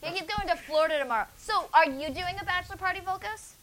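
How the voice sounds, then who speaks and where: A woman's voice: very high voice, fast, fairly bright tone. A woman co-hosting a live podcast chat, flirty and teasing, laughing often. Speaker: podcast co-host.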